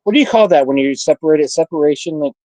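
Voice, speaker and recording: A man's voice: on the high side, rapid-fire, a loud crowd, low-quality recording. A man chatting casually on a livestream panel, boisterous and profane, bragging and joking.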